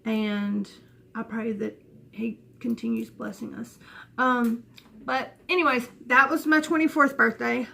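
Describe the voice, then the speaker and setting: A woman in her twenties tells a story to camera, rambling and chatty, doubling back on herself mid-sentence. Her voice sits a little high, with a bright, sharp edge and a gravelly fry at the ends of phrases. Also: steady tone, measured pace, slight background noise. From Southern United States. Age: 20s. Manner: rambling, chatty, frequent restarts and asides. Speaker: vlogger.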